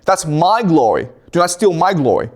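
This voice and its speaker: A man voicing a proud, sulking male warrior hero in a petulant, drawn-out way while retelling a story. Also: fairly high pitch, sing-song, a little mellow. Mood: sulky.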